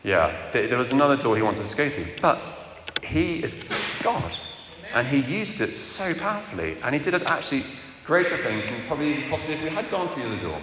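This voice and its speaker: A man's voice: medium pitch, big pitch swings, brisk. A man preaching a sermon, earnest and candid, often checking in with his listeners. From England. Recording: echoey hall with background noise.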